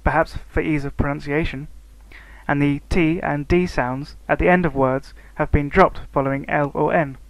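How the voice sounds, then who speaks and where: A man narrating a scripted lesson on language variation, reading steadily and slowing down to spell out example words. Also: on the high side, steady tone, gravelly, no echo, low-quality recording. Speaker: student narrator.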